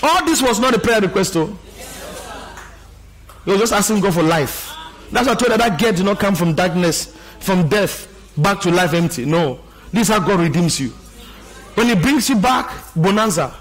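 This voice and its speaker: A pastor preaching, passionate and often shouting out exclamations between scripture quotes. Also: male voice, sits high, animated, moderate pace, pauses often. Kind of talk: sermon.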